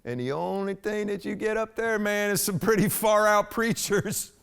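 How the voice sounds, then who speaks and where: A man with a high-pitched, gravelly yet smooth and somewhat bright voice acts out a stage monologue at a moderate pace. Alone onstage, he plays a rambling blue-collar husband addressing a police officer, saying "man" constantly and restarting his sentences.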